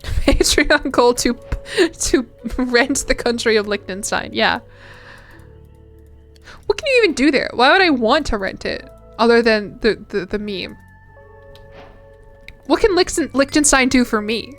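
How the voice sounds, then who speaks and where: A woman's voice: fairly high pitch, expressive, measured pace, pauses often, a bit bright, faint music behind. A young woman streamer chatting casually while gaming, rambling and self-deprecating.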